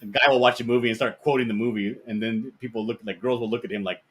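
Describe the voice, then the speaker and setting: A man hosting a casual podcast chat, telling stories in a rambling, animated way. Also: mid-range voice, fast talker, few pauses, breathy edge.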